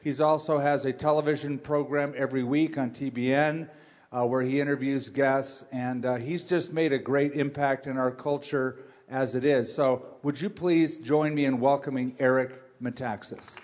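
Friendly pastor hosting an interview. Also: male voice, mid-range voice, fairly even intonation, normal speed, a little mellow. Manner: friendly, teasing questions. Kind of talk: church stage interview.

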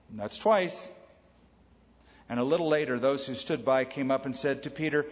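A man preaching a sermon in a conversational way, tossing in quick quoted asides. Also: a little high. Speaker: pastor. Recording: dull sound with long hall reverb.

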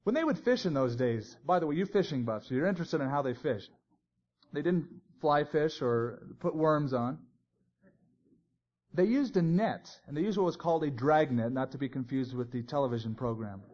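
Animated man teaching a sermon. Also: a little high, normal speed. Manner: conversational, with joking asides. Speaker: Bible teacher. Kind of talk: expository Bible teaching sermon. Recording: dull lo-fi recording.

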